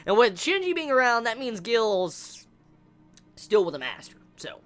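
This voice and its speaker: A young man excitedly reviewing an anime episode in casual talk, swearing often and stumbling over repeated words. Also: extremely high pitch, measured pace, soft background music.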